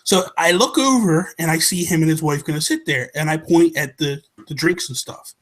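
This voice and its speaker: American guy on a podcast, slightly high voice, acts out everyone in his story. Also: moderate pace. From United States. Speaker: podcast co-host. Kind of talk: casual chat, telling a story.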